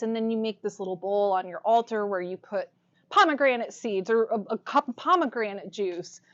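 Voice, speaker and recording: A woman leads a live workshop, talking casually and laughing often. She asks the class questions as she goes. The recording sounds a bit muffled. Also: mid-range voice. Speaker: workshop teacher. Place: shop classroom with audience.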